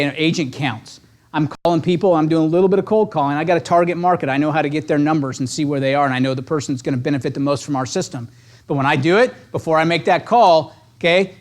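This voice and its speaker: A man's voice on the high side drives an energetic, motivational talk aimed at real estate agents. It's punchy and chatty, and he keeps checking in with his audience by saying "right?"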